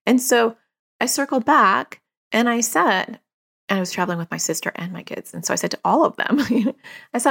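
Gravelly-voiced woman giving parenting advice. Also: on the high side, animated, moderate pace, fairly bright tone. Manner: chatty, self-disclosing, with frequent fillers and laughs. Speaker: podcast host and parenting therapist. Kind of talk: casual advice monologue.

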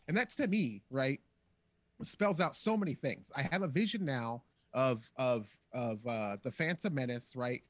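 A man chatting casually and profanely on a podcast, animated and rambling, acting out quotes in silly voices. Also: mid-range voice, a little slow, no room sound. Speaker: podcast co-host.

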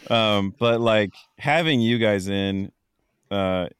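Low-voiced man in casual podcast chat. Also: takes it slowly, fairly bright tone, clear, resonant tone, no room sound, studio quality. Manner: rambling, lots of ums and fillers. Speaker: podcast co-host.

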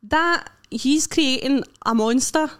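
Woman, Scottish accent, young adult, podcast co-host, casual chat, animated, laughs a lot, slightly high voice. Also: slow. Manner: animated storyteller, laughs often.

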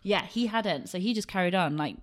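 A woman's voice: medium pitch, fairly quick. A woman, a podcast co-host telling a true-crime story in a chatty way, laughing and acting out the quotes.

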